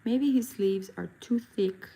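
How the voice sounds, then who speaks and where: A woman's voice: medium pitch, takes it slowly, creaky, mellow, breathy edge. A woman face painter chatting casually on a livestream while she paints, self-mocking and chatty. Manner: chatty, self-mocking, bursts into silly song.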